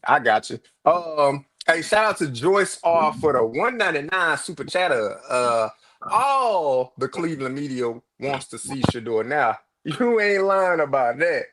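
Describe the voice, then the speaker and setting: Male sports co-host: a touch high, deliberate, emphatic opinions, reads viewer comments. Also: big pitch swings, a bit bright. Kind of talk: casual sports talk show.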